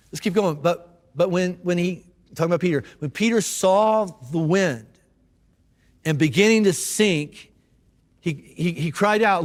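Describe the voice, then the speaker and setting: High-voiced pastor in an echoing hall. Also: male voice, normal speed. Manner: casual and conversational, with slang and restarts. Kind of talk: sermon.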